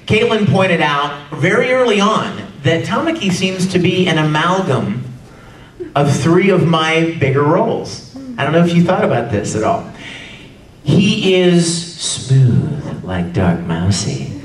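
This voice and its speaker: Animated man at a convention panel. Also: a little high, normal speed, slight background noise. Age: adult, no longer sounds young. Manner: animated, acts out character lines and yells. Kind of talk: live convention panel talk. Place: large convention hall with audience. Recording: echoey hall taped from far off with crowd.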